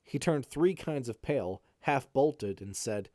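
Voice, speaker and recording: A man's voice: medium pitch, expressive, a little slow, mellow, dry recording, clean studio sound. A man reading a fantasy novel aloud in first person, with occasional slips and retakes. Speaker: amateur audiobook reader.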